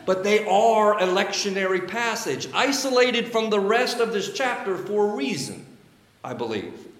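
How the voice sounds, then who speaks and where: A man preaching a sermon as pastor, measured and emphatic, with deliberate pauses. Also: high voice, reverberant. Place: church sanctuary.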